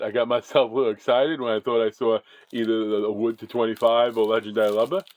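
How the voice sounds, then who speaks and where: A man's voice: mid-range voice, darkish tone, a little hiss or hum, poor audio. A man casually chatting as he opens trading card packs, rambling and often correcting himself. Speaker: card-breaking channel host. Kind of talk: casual chat while opening card packs.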